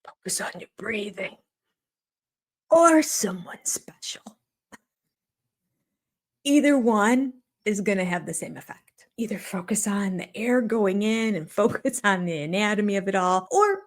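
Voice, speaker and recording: An older woman giving sarcastic, amused reaction commentary on a reality show, often laughing. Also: on the low side. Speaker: YouTube commentator.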